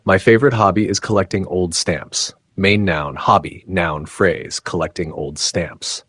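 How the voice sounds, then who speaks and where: A man's voice: sits low, steady tone, a little slow, fairly bright tone, breathy edge, no echo, clean studio sound. A man teaching an English exam lesson, reading out word lists and explanations and giving Urdu translations. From Pakistan. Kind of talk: exam-prep lesson narration.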